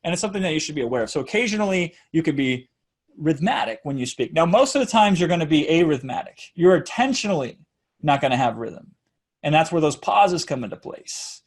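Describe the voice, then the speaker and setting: A man's voice: fairly high pitch, expressive, fairly quick. A man teaching how to speak in rhythm, demonstrating with chanted phrases and sounded-out beats. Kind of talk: teaching talk on speech delivery.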